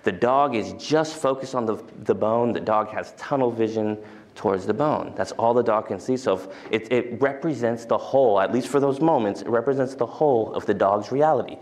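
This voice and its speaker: A man's voice: medium pitch, moderate pace, a little mellow. A man giving a casual, conversational university lecture in a large lecture hall, including a guided mindfulness exercise.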